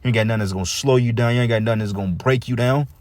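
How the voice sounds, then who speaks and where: A man's voice: medium pitch, rapid-fire, a little mellow, dry recording. A man giving a blunt, profane street sermon, reading scripture and breaking it down with repeated "man" and "okay". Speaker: preacher.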